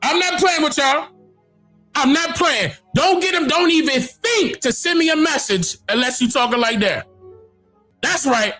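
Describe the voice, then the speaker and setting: A man hosting a reaction video, excitedly commenting, exclaiming and shouting, often repeating himself. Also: very high voice, measured pace, soft background music.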